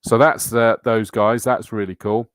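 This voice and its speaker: Chatty man, lowish dry voice. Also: steady tone, unhurried, smooth, no echo. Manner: chatty, matey, reads out comments and entry lists. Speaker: host. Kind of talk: live-stream chat reading viewer comments.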